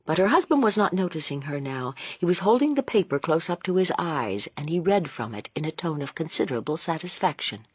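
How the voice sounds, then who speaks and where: Low husky woman narrating a novel. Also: very animated, a little fast, few pauses, darkish tone, no echo. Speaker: audiobook narrator. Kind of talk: scripted narration.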